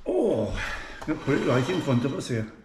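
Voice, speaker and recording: In a sing-song, medium-pitched voice at normal speed, a Birmingham home cook talks to his viewers and jokes at his own expense. The casual cooking vlog is recorded in his home kitchen, which sounds echoey, with faint clatter and background noise.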